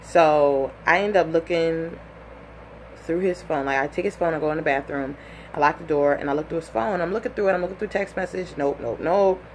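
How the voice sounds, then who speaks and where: A young woman telling a personal story in a casual, animated way, full of "like" and acted-out quotes. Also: low-pitched, fairly quick, slight background noise.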